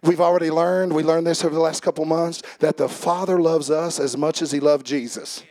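A man preaching a sermon as pastor, swinging from quiet joking asides to shouted preaching and calling out to the congregation. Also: a little high, steady tone, a little fast, no echo. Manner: talks back and forth with the congregation. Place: church service.

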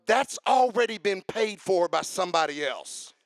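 High-voiced emphatic male preacher. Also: expressive, normal speed, no room sound. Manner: emphatic, repetitive, breaks into shouted proclamations. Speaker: pastor. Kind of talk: sermon. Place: church.

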